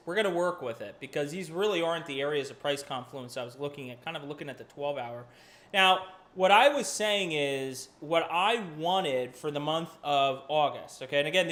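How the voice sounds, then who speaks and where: A man's voice: a little high, a bit bright. A man hosting a live crypto chart stream, talking casually and loosely, cursing now and then and apologizing as he hunts for the right chart. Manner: casual, chatty, swears, apologizes while hunting for charts. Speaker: crypto livestream host. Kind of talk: live-streamed market analysis.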